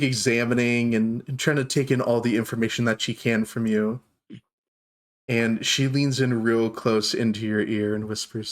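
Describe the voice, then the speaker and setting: A man narrating a tabletop game as game master, relaxed and full of fillers. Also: mid-range voice.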